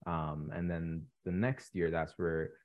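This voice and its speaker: A young man in his twenties from Canada, a guest telling his story in a relaxed interview with many ums. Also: low voice, takes it slowly, narrow, tinny audio. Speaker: podcast guest, real estate investor. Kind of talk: casual interview chat.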